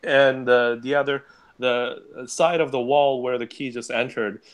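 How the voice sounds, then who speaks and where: A man running a tabletop role-playing game, narrating what the players see and hear. He talks in a mid-pitched voice, stopping often to search for words. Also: level tone, measured pace. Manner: hesitant, many uh fillers. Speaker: game master.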